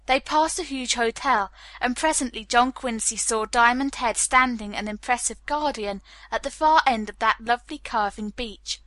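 A woman reads a novel aloud in a steady, clear storytelling voice. Her voice sits a little high and sounds bright. The recording is dry and close. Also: moderate pace, hardly any pauses, dry recording. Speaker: audiobook narrator. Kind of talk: scripted narration.

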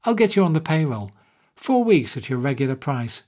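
A man's voice: on the high side, sing-song, moderate pace, darkish tone. A man reading aloud and voicing a hasty, anxious male film producer.

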